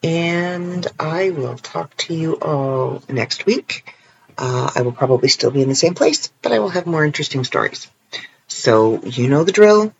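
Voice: mid-range voice, animated, a little slow, gravelly, muffled recording, a little hiss or hum. Canadian podcaster rambling through a casual solo episode. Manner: rambling and self-deprecating, joking asides, frequent ums. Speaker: podcast host.

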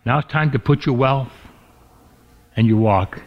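A man preaching a sermon as pastor, stretching key words slowly and dropping his voice low for emphasis. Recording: dull lo-fi recording.

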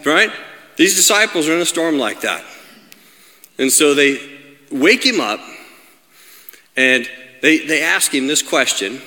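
A man preaching a sermon, reading scripture and then growing loud and emphatic, often asking his listeners "right?". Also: a little high, lively intonation, a little slow, pauses often, big-room sound.

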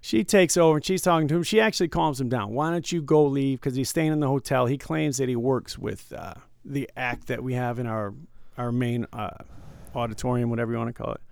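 A man co-hosting a casual podcast, telling a work story in an animated way and acting out the quoted lines. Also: medium pitch, fairly quick, gravelly, no echo, studio quality. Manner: animated, acts out quoted dialogue. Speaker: podcast co-host, casino worker.

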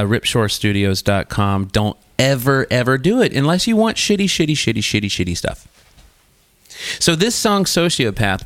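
A man's voice: mid-range voice, no room sound. A man hosting a podcast, telling crude, casual stories and swearing freely. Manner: animated, profane, jumps into quoted voices. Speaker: podcast host.

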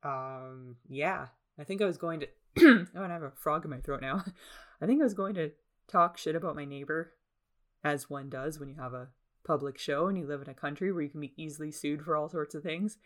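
A woman's voice: sits low, brisk. A young woman hosting a casual solo podcast from home, rambling with self-deprecating, sarcastic asides. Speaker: podcast host. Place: home in the suburbs.

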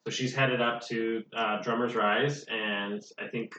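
A man's voice: mid-range voice, fairly even intonation, unhurried, sharp tone, slight background noise. A man playing a tabletop game casually, joking and laughing often. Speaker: player. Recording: distant echoey muffled mic.

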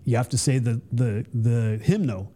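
As a guest, this middle-aged Army veteran from the United States rambles through casual stories, cutting himself off and putting on playful voices for others. He speaks at a moderate pace in a warm, mid-range voice.

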